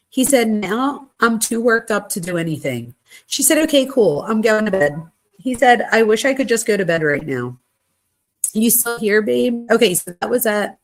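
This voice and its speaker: Woman casually reading text messages. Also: mid-range voice. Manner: conversational, reads quoted texts in a plain voice with quick asides. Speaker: true crime channel host.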